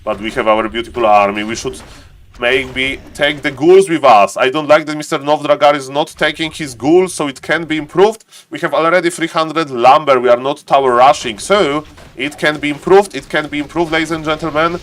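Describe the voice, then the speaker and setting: A young man streaming and commenting on a strategy game replay, excitable, talking to chat in non-native English and tripping over words. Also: a little high, normal speed. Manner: excitable, talks to chat, keeps saying "ladies and gentlemen".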